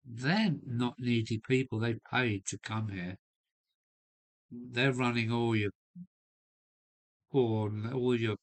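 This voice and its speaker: A man's voice: fairly low pitch, husky. An Englishman chatting on a live stream from his home loft, blunt and opinionated, rambling and swearing now and then. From England. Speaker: model railway live streamer. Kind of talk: casual rambling chat to a live audience. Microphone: live stream setup.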